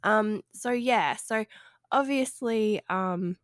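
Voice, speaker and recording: A woman's voice: medium pitch, slow, dry recording, studio quality. A woman hosting a casual solo podcast, speaking in a nasal voice with a stuffy head cold, hesitant and rambling but friendly. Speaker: podcast host and health coach.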